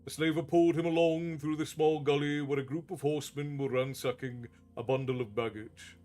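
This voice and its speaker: A man telling a fantasy story as a steady, measured storyteller. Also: fairly high pitch. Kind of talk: reading a fantasy novel aloud. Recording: faint background music.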